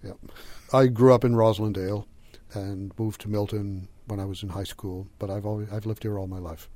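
A middle-aged man from the Boston area, a linguistics professor with a light Boston accent, explaining things in a measured, lecturing way during an interview. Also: lowish voice, steady tone, warm tone, no room sound. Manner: measured, lecturing, with fillers and chuckles.

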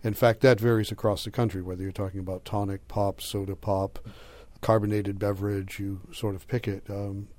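A middle-aged linguistics professor from the Boston area speaks in a low, mellow voice with a light Boston accent, giving explanatory interview answers. He lectures at a measured pace with a flat delivery, small fillers, and the occasional chuckle. The recording is dry and close, with no echo.

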